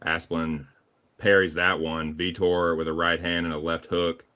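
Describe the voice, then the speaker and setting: Southern dude doing play by play on a fight stream, deep voice, cusses a lot. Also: male voice, level tone, bright, forceful tone, clear, resonant tone, lo-fi sound. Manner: casual, profane, rapid play-by-play calls. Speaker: play-by-play commentator. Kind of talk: live fight commentary.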